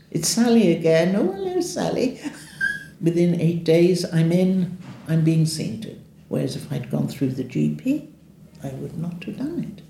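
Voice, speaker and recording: A woman's voice: on the low side, creaky, slight background noise. An older woman speaking frankly and wryly in an interview, acting out the voices she quotes. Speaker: patient sharing her story. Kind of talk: interview testimony. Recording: echoey room with soft music.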